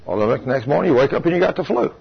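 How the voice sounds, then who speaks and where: A man's voice: on the high side, lively intonation, racing, creaky, husky. Folksy preacher man on lo-fi radio. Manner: folksy, conversational, asks the congregation questions. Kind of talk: sermon.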